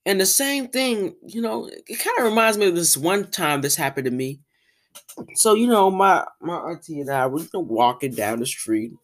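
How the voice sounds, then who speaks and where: Young woman host, lower voice, exasperated casual rant, animated. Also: normal speed. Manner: exasperated, animated ranting with repeated fillers. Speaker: podcast host. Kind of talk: casual ranting monologue.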